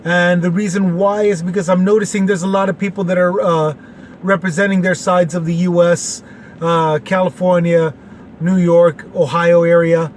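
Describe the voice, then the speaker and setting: A man's voice: high-pitched, little pitch movement, moderate pace, slight background noise. A man in his late forties from Texas, hosting a casual opinion show in a rambling, folksy way with many fillers. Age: 40s. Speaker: podcast host.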